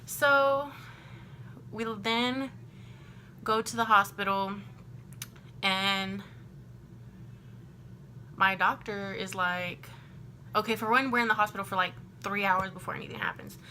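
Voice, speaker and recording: A bright, clear-toned young woman from Texas talks straight to her camera, chatty and animated, acting out every quote. A faint room ambience sits behind her voice. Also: mid-range voice, takes it slowly, long pauses, a little hiss or hum. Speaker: vlogger. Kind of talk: casual storytime.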